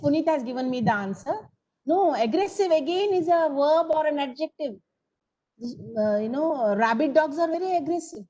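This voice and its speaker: A woman's voice: sits high, darkish tone, dull audio. A woman teaching grammar in an online coaching class, coaxing students for answers and calling on them by name. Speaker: English teacher.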